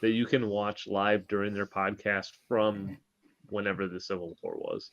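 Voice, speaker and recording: A man's voice: fairly low pitch, flat delivery, normal speed, dull audio. A man hosting a casual panel podcast, laughing often and wrapping up the episode. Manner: laid-back, laughs often, wraps up the show. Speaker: podcast host.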